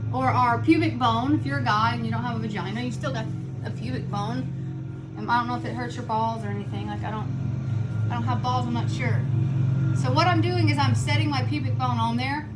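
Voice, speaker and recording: A woman's voice: fairly high pitch, normal speed, over loud music. A young woman coaching a home workout in a blunt, chatty way, out of breath and counting reps aloud. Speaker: fitness instructor. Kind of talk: casual workout instruction.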